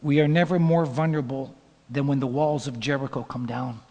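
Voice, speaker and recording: A male pastor preaching a sermon, swinging between loud emphatic peaks and low hushed asides. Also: fairly even intonation, fairly quick. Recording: long hall reverb.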